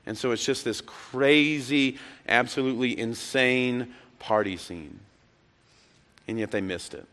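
Male pastor, mid-pitched voice, preaching with big swings from hushed to shouting, long hall reverb. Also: a little slow. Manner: dramatic swings between hushed and shouted retellings. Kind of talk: sermon.

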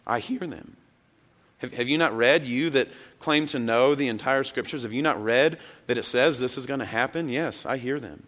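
A man voicing Jesus as a calm, quietly assured king, measured and firm. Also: mid-range voice, lightly acted. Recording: echoey church hall.

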